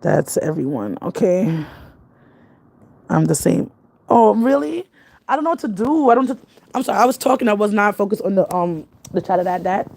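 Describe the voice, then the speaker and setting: A young New York woman rambles through a casual livestream chat, her voice carrying a gravelly fry. She laughs often and drifts from one thought to the next. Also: mid-range voice, lively intonation, moderate pace, a little mellow. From Jamaican family. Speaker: vlogger.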